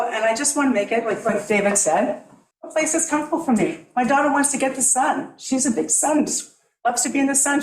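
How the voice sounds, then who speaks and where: A woman's voice: on the high side, a little mellow, echoey room, poor audio. A middle-aged woman making an emotional, rambling, apologetic public comment at a podium in a town meeting room. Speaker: homeowner speaking at a public hearing.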